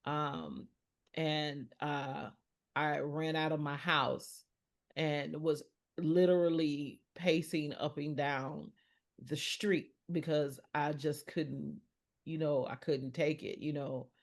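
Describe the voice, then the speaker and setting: A middle-aged woman talks with a fairly low voice in a frank, personal conversation. She speaks earnestly and haltingly, circling back and restarting her thoughts as she goes. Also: fairly even intonation. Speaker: podcast guest. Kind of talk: personal conversation on mental health.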